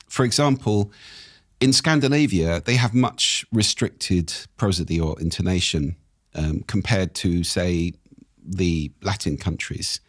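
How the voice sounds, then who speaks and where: Deep-voiced man, slightly croaky, dry. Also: no echo. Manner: measured, explains with examples and anecdotes. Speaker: speaking expert, podcast guest. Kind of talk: explanatory interview talk. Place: podcast studio.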